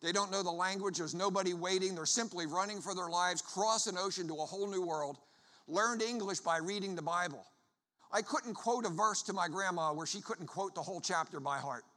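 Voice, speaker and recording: A traveling preacher from the Philadelphia area, a man with a high, bright voice, tells stories and jokes with the congregation. His voice rings through the long reverb of a church hall. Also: fairly quick. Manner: lively storyteller, jokes with the crowd. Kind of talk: sermon with humorous storytelling.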